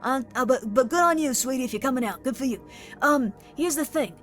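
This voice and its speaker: Woman streamer, high-ish voice, chatty and excitable, faint music bed. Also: fairly quick. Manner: chatty, excitable, reads chat aloud. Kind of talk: live stream chat.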